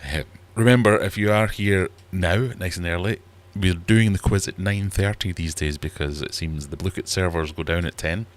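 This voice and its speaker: A middle-aged man hosts a casual livestream chat from a small, warm fish room in his home, rambling and poking fun at himself. His voice is low-pitched, and he talks at a normal speed with few pauses.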